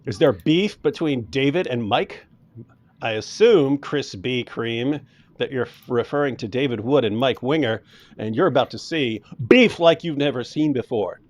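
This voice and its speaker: A man's voice: mid-range voice, lively intonation, moderate pace. A man hosting a casual livestream, reading chat comments and mocking his subject between laughs. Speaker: host.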